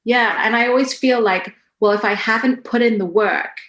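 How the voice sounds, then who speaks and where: A woman's voice: a little high, normal speed. A woman in her forties, a podcast guest, talking earnestly and with feeling in a casual conversation. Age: 40s. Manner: earnest and emotional, animated storytelling. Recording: roomy echo.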